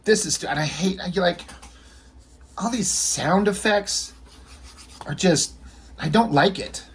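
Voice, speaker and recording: A man's voice: high voice, slow pace, breathy edge. A man reviewing a comic book in a casual vlog, ranting with profane exasperation.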